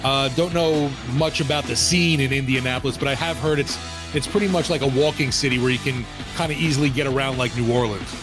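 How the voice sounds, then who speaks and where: Relaxed guy co-hosting a sports pod, bit of music in the back. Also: medium pitch, fairly quick. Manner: easygoing, laughs along. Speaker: podcast co-host and sports director. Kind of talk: casual sports podcast chat.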